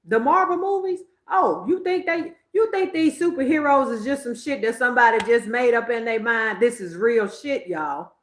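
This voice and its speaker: A woman's voice: on the high side, normal speed, few pauses, reverberant. A woman, hosting a psychic livestream in casual, emphatic chat, laughing often. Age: 50s.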